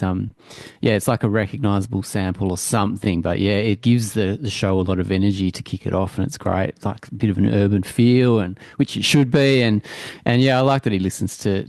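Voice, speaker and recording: A man's voice: on the low side, a little mellow, no room sound, studio quality. A man co-hosting a podcast, chatting in an easygoing way about a TV show, often trailing off and restarting. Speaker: podcast co-host. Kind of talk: casual TV review chat.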